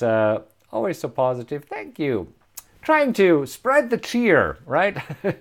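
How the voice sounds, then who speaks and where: A man with a German accent hosting a live stream, reading viewer comments in an upbeat, chatty way with frequent chuckles. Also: mid-range voice. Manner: upbeat, chuckles often, many filler uhs. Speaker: host.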